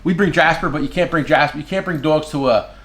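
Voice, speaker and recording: A man's voice: on the high side, quick pace, echoey room. A man who works as a tool dealer, telling stories in a casual chat and acting out the voices of the people he quotes. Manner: animated, acts out quoted voices, swears.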